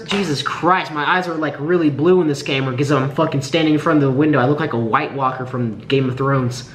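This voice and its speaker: A man's voice: on the high side, steady tone, brisk, hardly any pauses, fairly bright tone, slight background noise. A young man from Nebraska in his late teens, complaining in a profane, sarcastic vlog rant. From Nebraska, USA. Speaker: vlogger. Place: indoor room by a window. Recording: roomy, echoey room.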